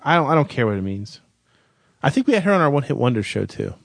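A man's voice: medium pitch, sing-song, quick pace, vocal fry, dry recording. A man hosting a casual podcast, teasing his co-host with dry humor. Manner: dry, teasing, wraps up the show.

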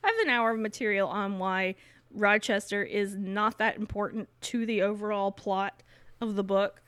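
A woman's voice: medium pitch, fairly even intonation, moderate pace, a bit bright, clear, resonant tone, no echo. A woman co-hosting a casual podcast chat, emphatic and opinionated, laughing often. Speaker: podcast co-host.

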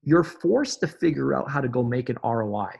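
A man's voice: mid-range voice, expressive, a little fast, creaky, darkish tone, slightly rough. Emphatic motivational man. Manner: emphatic, motivational, repeats phrases for effect. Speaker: podcast guest, fitness business coach. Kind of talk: conversational interview.

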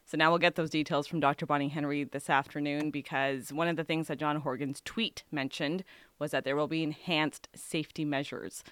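A woman's voice: low voice, fairly even intonation, a little fast, smooth, dry recording. A woman reporting on hockey in a casual radio chat, wry and breezy. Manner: wry, breezy, dismissive quips.

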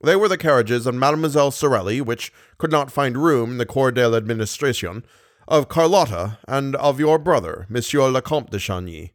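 A male narrator voicing a self-satisfied police commissary who questions briskly. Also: medium pitch, animated, no room sound, clean studio sound, lightly acted. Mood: probing.

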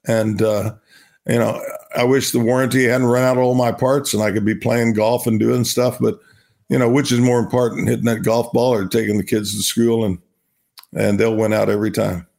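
Older male interview guest, gravelly, rambling storyteller, from Oklahoma. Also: medium pitch, flat delivery, normal speed, darkish tone. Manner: rambling, repeats himself, laughs while talking. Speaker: guest, retired baseball star.

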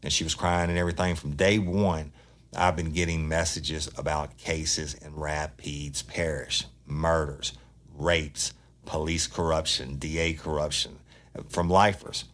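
Very deep-voiced, blunt man. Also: flat delivery, unhurried, fairly bright tone. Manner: blunt, profane, fired-up. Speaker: true-crime podcast host. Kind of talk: casual monologue storytelling.

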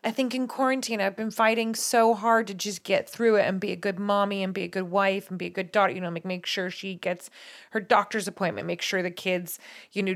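A woman's voice: medium pitch, a bit bright. A woman in her forties talking with her partner, emotional and open, close to tears. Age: 40s. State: tearing up. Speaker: podcast co-host. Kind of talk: heartfelt conversation.

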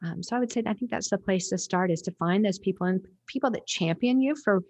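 A woman's voice: mid-range voice, quick pace, a little mellow, breathy edge, no echo. A woman guest on a podcast interview, talking in a reflective, rambling way with restarts.

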